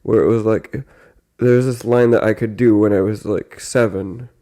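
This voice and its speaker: Man telling deadpan jokes in chat. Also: lowish voice, moderate pace. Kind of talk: casual comedic chat.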